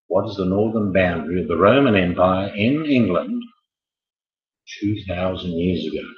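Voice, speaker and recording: A man hosting a casual quiz, joking and wandering off into chatty asides. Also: sits low. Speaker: quiz host. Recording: echoey, muffled room sound.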